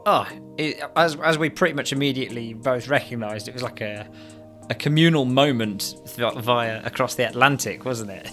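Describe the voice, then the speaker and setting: A man co-hosting a podcast, talking in a soft, relaxed, casual way. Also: mid-range voice, moderate pace, faint music behind. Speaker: podcast co-host. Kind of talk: casual chat.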